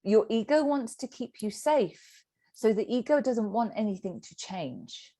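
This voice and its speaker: A woman's voice: on the high side, measured pace. A middle-aged woman, a sobriety coach teaching a group session and acting out the inner voice. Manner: animated, acts out inner voices.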